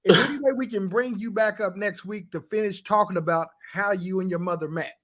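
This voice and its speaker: A man's voice: high voice, fairly quick, fairly bright tone. A man hosting a casual talk show, speaking loosely and dropping "man" into his sentences. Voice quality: casual, keeps saying "man". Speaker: host.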